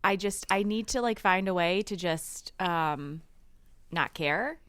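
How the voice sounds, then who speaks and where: A woman's voice: lowish voice, takes it slowly, fairly bright tone, smooth, dry recording, clean studio sound. A woman in her thirties co-hosting a podcast in casual chat, giggly and rambling as she tells stories. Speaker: podcast co-host.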